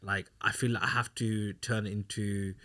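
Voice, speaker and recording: A man's voice: on the low side, little pitch movement, measured pace, bright, forceful tone. A young man co-hosting a casual podcast chat, rambling through anecdotes and acting out what others said. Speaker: podcast co-host.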